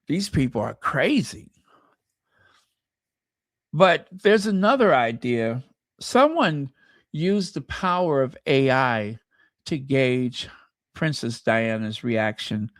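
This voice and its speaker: An American man hosts his own channel with casual, sassy commentary, mocking the people he talks about. He speaks at an unhurried pace in a mid-range voice, and the sound is dry and close. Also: mid-range voice, lively intonation, no echo. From United States. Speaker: channel host.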